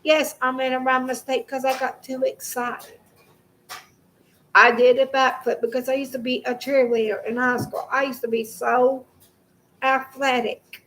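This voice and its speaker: A woman's voice: high voice, flat delivery, a little slow, fairly bright tone, slight background noise, rough recording. A young woman ranting straight to the camera at home, heated and full of swearing, repeating herself as she goes. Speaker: vlogger. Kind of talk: angry direct-to-camera rant.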